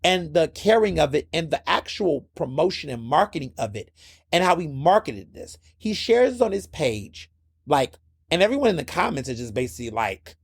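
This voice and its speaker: A man's voice: on the high side, sing-song, moderate pace, gravelly, husky, dry recording, clean studio sound. A man hosting his own podcast, giving blunt, impassioned solo commentary and repeating words when worked up. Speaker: podcast host.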